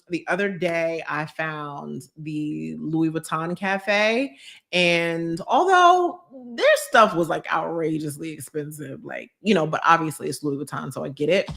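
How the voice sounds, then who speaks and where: A woman's voice: lowish voice, fairly bright tone. A woman vlogger chatting casually on a live stream, gushing and reading out viewer comments. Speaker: vlogger hosting a live chat.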